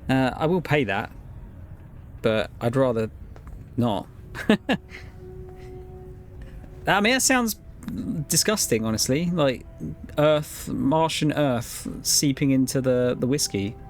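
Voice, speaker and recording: A streamer talking casually and wryly as he plays, in a mid-pitched, relaxed way. Faint game music hums behind his voice. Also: slow pace, long pauses. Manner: chatty, wry. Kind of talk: casual gameplay commentary.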